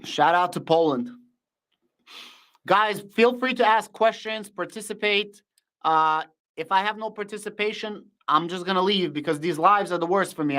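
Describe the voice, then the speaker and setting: Hosting a casual livestream, a young Russian-accented man talks bluntly and thanks people again and again. He speaks at a moderate pace in a high voice with a sharp tone.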